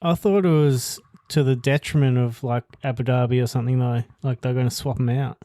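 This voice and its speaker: A man co-hosting a podcast in casual chat, relaxed and a little hesitant, laughing easily. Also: mid-range voice, brisk, dry recording, clean studio sound. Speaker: podcast co-host.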